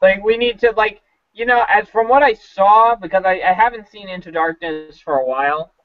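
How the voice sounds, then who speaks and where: High-pitched dude making his case on a podcast call, dry muffled audio. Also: moderate pace, no room sound. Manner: earnest, arguing his point with fillers. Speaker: podcast guest. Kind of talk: casual online podcast chat. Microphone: online call mic.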